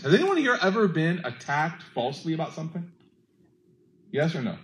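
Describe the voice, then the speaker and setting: A man giving a sermon, telling a story with animated, acted-out quotes. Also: fairly high pitch, brisk, echoey room, low-quality recording. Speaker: preacher.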